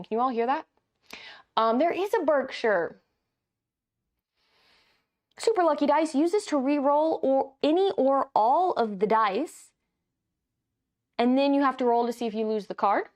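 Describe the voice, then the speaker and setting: A woman's voice: on the high side, lively intonation, normal speed, pauses often. A woman chatting casually and giggling with her live chat as she plays a board game.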